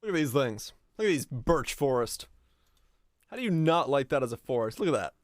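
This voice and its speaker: A man's voice: mid-range voice, sing-song, a little fast, no room sound, clean studio sound. Swearing, laid-back young man from Finland. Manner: chatty and laid-back, swears often, laughs easily. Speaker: game streamer. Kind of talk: casual chat with viewers while gaming.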